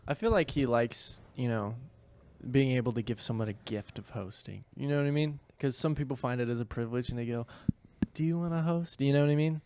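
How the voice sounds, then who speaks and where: A man's voice: mid-range voice, steady tone, fast, a little mellow, slight background noise. A man, a comedy podcast co-host, teasing his friends and laughing in casual chat.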